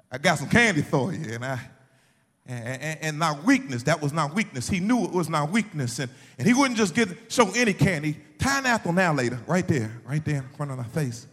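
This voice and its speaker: A man preaching a sermon, telling a story and building to shouted, sing-song peaks. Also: a little high, big pitch swings, moderate pace. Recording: long hall reverb, faint music behind.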